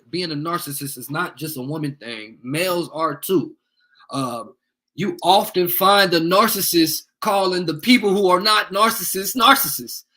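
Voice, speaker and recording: Angry, bright-voiced man ranting on a livestream. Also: sits high. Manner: angry, profane, taunting commenters. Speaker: livestream host. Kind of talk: heated livestream rant.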